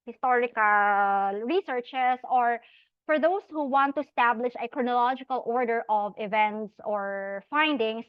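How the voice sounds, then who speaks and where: A fairly high-pitched woman with a Filipino accent teaches a lesson, mixing English with Tagalog and checking in with rhetorical questions. The recording is dull and dry, with no room echo. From Philippines. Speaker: lecturer. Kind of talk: academic lecture. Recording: dull muffled dry sound.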